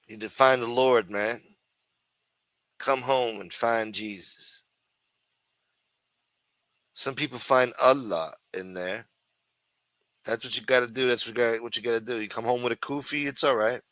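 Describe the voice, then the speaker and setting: A man's voice: medium pitch, normal speed, pauses often, a bit bright, dry recording. A man hosting a casual livestream show, rambling and teasing with plenty of profanity. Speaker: show host.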